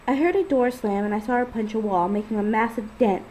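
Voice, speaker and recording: A woman's voice: fairly high pitch, brisk, darkish tone, slight background noise, low-quality recording. A woman casually reading her own first-person story aloud. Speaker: fan fiction author and reader.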